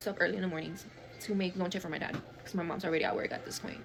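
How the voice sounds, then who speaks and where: Fast-talking woman telling a story. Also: lowish voice, fairly even intonation, vocal fry, a bit bright, a little hiss or hum. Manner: fast, emotional, profane retelling with acted quotes. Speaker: storyteller in a played clip. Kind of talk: storytime video.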